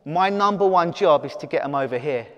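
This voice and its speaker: A middle-aged man, a hypnotist, giving a blunt, animated live talk to an audience. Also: on the high side, fairly quick, in a large hall, dull audio. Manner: blunt, animated, laughs at own points. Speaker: clinical hypnotist.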